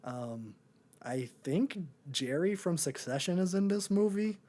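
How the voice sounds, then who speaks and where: A man's voice: sits high, expressive, unhurried, a little mellow. Man, young adult, podcast co-host, casual chat, rambling, filler-heavy, laid-back. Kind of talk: casual movie review chat.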